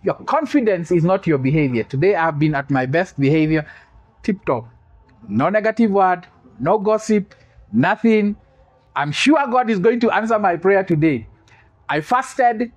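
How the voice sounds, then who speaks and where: Speaking at a normal pace in a high, animated voice, a man preaches a sermon. He asks the congregation questions and waits for their answers, repeats key phrases for emphasis and adds bits of humor.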